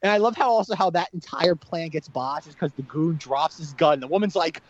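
A man chatting casually about a film, animated and sarcastic, with lots of "like". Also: fairly high pitch, a little fast, muffled recording. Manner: animated, sarcastic, heavy use of "like". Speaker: podcast co-host. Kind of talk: casual film review chat.

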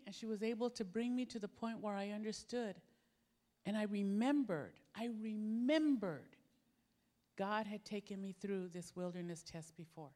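High-voiced woman preaching with animated storytelling. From Philippines. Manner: animated storytelling, acting out her own panic. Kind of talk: sermon.

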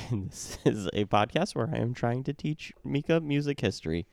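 A man's voice: mid-range voice, animated, moderate pace, creaky, darkish tone, no room sound, clean studio sound. A man hosting a casual podcast, sounding stuffy and congested from illness, joking and laughing often. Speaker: podcast host. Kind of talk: casual chat.

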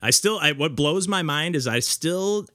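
Bright-voiced man telling stories animatedly. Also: on the high side, normal speed, dry recording, clean studio sound. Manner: animated storytelling with lots of filler words. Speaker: podcast host and streamer. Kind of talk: casual chat.

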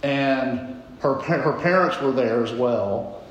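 A man's voice: medium pitch, slow pace, dull audio. Man preaching in a very echoey room. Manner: rambling, self-correcting storyteller. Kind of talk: sermon storytelling.

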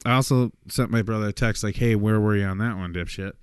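Male podcast co-host, casual and rambling, swears freely, lower voice with a crisp dry sound. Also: fairly even intonation, fast, no echo.

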